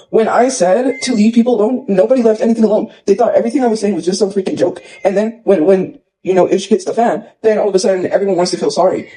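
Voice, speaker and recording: High-voiced man ranting on a livestream. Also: mellow, low-quality recording. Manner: upset, rambling, repeats himself with many fillers. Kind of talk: emotional livestream rant.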